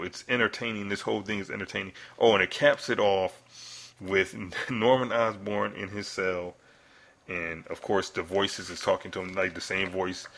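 A man's voice: low voice, bright, forceful tone. A man hosting a casual comic book review podcast, rambling and swearing, laughing often as he talks. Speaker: podcast host.

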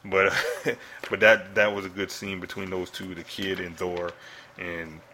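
A man's voice: sits low, level tone, unhurried, bright, forceful tone, slight background noise. A man hosting a casual comic book review podcast, rambling and swearing, laughing often as he talks. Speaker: podcast host.

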